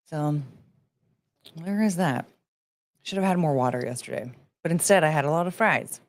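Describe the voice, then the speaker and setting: A woman's voice: low voice, animated, moderate pace. A woman hosting her own livestream, chatting casually and greeting viewers by name with sing-song asides. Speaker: livestream host.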